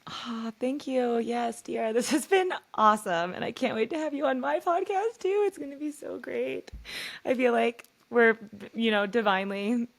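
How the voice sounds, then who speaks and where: A woman's voice: fairly high pitch, moderate pace, gravelly. A woman guest on a podcast, a spiritual guide and coach, talking earnestly in loose, run-on reflective thoughts full of fillers. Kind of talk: reflective conversation.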